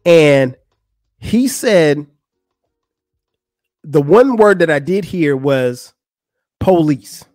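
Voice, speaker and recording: A man's voice: very slow, long pauses, dry recording, studio quality, soft background music. A man hosting a podcast, telling a funny story in a casual way and acting out the people he quotes. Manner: animated, acts out quotes with rising pitch. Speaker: podcast host.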